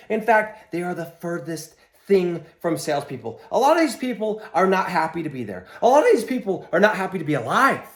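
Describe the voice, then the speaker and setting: A man coaching viewers on business in an emphatic, repetitive pep-talk style, his voice a little squeaky today. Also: reverberant. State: slightly squeaky voice. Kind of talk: motivational talk to camera.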